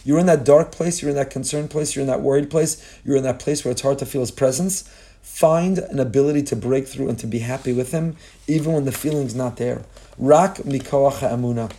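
Preaching a Torah lesson, this man stacks up long, repetitive rhetorical lists with passion and weaves in Hebrew phrases. He speaks fairly quickly, with a warm tone at medium pitch.

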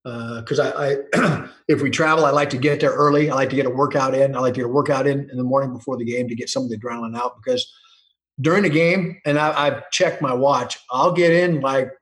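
A man's voice: mid-range voice, fairly even intonation, fairly quick, fairly bright tone, roomy sound, low-quality recording. A man, a football coach, telling long casual anecdotes with frequent restarts and small laughs. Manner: rambling anecdotes with restarts and chuckles. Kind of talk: casual storytelling interview.

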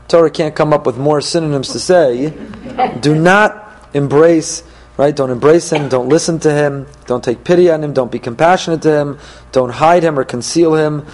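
A man teaching a Torah class, reading verses and translating them phrase by phrase, with frequent pauses and restarts as he thinks aloud. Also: on the high side, a little mellow.

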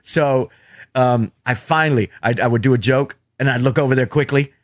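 Man, stand-up comedian, profane, animated storyteller, casual podcast chat, dry close mic. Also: medium pitch, moderate pace, dry recording.

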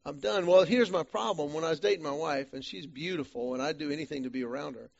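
Animated male group-study leader. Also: a little high, quick pace, gravelly, highs cut off. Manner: animated storytelling, self-deprecating humor. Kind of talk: church small-group teaching talk.

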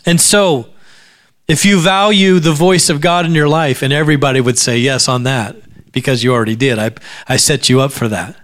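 A man's voice: fairly high pitch, a bit bright. A man preaching as a pastor at a church service, talking conversationally, often repeating words as he starts a sentence, with dry sarcastic asides. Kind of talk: sermon.

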